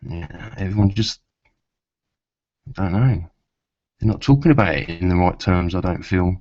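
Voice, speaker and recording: A man's voice: low-pitched, moderate pace, a little mellow, no echo. A man chatting casually to camera in a rambling way, with many asides, and swearing when riled. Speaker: vlogger. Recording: dull lo-fi sound.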